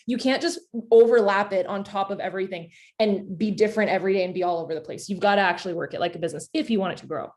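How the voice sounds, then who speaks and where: A woman in her thirties talks an online group through a planning exercise. Her voice sits in a middle pitch, and her delivery is chatty and animated, full of casual fillers. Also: racing, hardly any pauses. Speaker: coach leading a live workshop.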